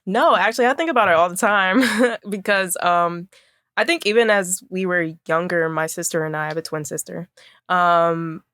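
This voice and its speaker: A woman's voice: lowish voice, normal speed, a bit bright, dry recording, clean studio sound. A young woman from Maryland, a fashion designer, chatting casually as a podcast guest and using lots of fillers. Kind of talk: casual conversation.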